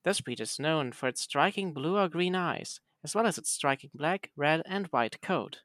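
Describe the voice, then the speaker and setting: A man's voice: on the high side, lively intonation, normal speed, fairly bright tone, no room sound. A man, a podcast host chatting casually and playfully reading text aloud.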